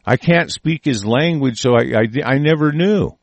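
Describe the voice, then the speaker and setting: Gravelly man in a profane rant. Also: medium pitch, moderate pace, no room sound. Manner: angry, profane, rambling with restarts. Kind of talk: profane ranting commentary.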